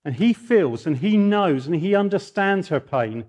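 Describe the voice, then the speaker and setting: Animated preacher. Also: male voice, high-pitched, unhurried. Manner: animated storytelling, voice rising in mock outrage. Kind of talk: sermon.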